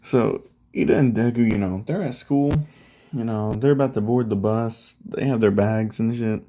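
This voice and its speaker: A man's voice: fairly low pitch, moderate pace, mellow. A man casually recapping a fan-made story in a laid-back, slangy, profane way.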